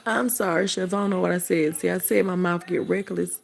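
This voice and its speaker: A woman's voice: on the low side, steady tone, brisk, creaky, faint music behind, rough recording. An older woman hosting a late-night livestream from home, chatting in a sassy, casual way with her viewers while sleepy and yawning. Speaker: livestream host.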